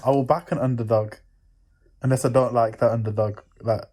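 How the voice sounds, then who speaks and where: A young man joking around on a podcast. His voice sits at an ordinary pitch and jumps about readily as he teases his friends. He laughs easily and talks casually. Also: a little fast. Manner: animated, laughs often, jokey. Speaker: podcast co-host. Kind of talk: casual banter.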